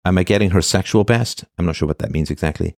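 Low-voiced man in his fifties. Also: fast talker, a little mellow, dry recording, studio quality. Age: 50s. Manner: reads a line then comments, with frequent "uh" and restarts. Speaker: commentator reading posts aloud. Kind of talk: casual commentary on read-out posts.

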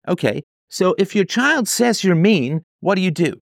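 A man's voice: on the high side, expressive, moderate pace, gravelly, few pauses, no room sound, studio quality. A man hosting a commentary, reading out a parent's letter and arguing against it with rhetorical questions. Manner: argumentative, rhetorical questions, mocking quoted voices. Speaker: host reacting to a listener's letter.

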